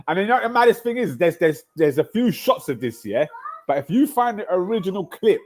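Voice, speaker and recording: A man hosts a casual football livestream, ranting in slang. He swings between loud outbursts and low mutters.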